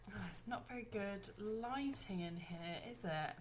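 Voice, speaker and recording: In a mid-range voice, unhurried and with few pauses, a woman hosts a casual live stream to launch her ebook. She's chatty, bubbly, and apologetic, talking straight to her viewers and calling them lovely ladies. The recording carries a little hiss or hum.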